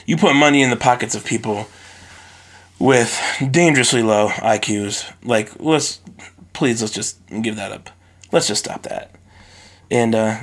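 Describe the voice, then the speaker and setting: A man hosting a solo podcast into his phone, ranting in a lively, profane way. His medium-pitched voice jumps up when he gets worked up. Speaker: podcast host.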